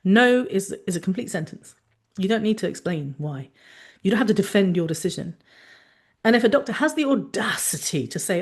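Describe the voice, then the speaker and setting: A woman doctor hosting a talk, explaining frankly in a chatty way with lively asides. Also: fairly low pitch, brisk, breathy edge. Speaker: doctor and podcast host.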